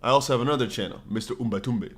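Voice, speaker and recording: A man's voice: mid-range voice, racing, husky. A man hosting a casual crypto livestream who reads out viewer comments and rambles freely. His voice sits in an ordinary middle range, and he often restarts his sentences and drifts into playful asides.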